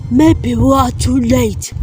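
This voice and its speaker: Brief: woman voicing a timid storybook bear, anxious and hushed, over loud background music. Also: sits high, takes it slowly. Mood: worried. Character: worried timid male bear.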